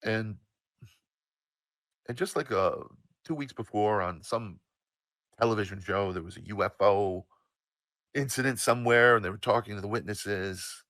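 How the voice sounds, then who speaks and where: A man in his sixties from the United States, telling a personal story in an animated, emphatic way with some swearing. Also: on the low side, moderate pace, no room sound. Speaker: storyteller, show host.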